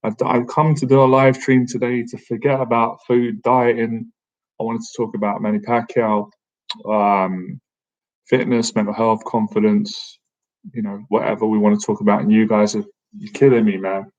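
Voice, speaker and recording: A man in his thirties, a boxing coach, hosts a casual live-stream Q&A, chatty and jokey and often tacking "man" onto his sentences. His lowish voice shows little pitch movement at a moderate pace, in dull lo-fi stream audio.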